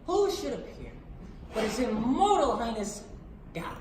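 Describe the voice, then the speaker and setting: A woman's voice: a little high, very animated, unhurried, recorded from a distance. A woman on a theatre stage playing a brash, foul-mouthed young guy who tells his story with swagger. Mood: boastful. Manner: cocky, profane, swaggering storytelling. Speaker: stage actor. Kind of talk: live theatre monologue. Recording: roomy theatre recording from afar, hiss.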